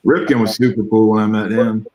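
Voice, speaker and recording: A man, a guest artist, chatting casually over a video call and telling stories in a rambling, animated way with small chuckles. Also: on the low side, a little fast, low-quality recording. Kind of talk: casual conversation.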